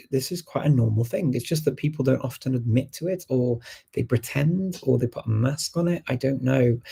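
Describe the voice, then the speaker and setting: A man's voice: medium pitch, creaky, dark tone, slightly rough. A middle-aged man hosting a language-learning show, answering viewer questions in a casual, conversational, emphatic way. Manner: conversational and emphatic, many restarts and laughs. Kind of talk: casual live Q&A chat.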